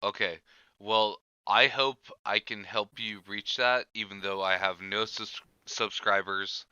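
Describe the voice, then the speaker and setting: A laid-back man hosts a casual chat and swears offhandedly. His voice is very bright and crisp and sits a little low, heard dry and close through a dull lo-fi microphone. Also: fairly even intonation, a little slow, no room sound. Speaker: podcast host. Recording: dull lo-fi mic.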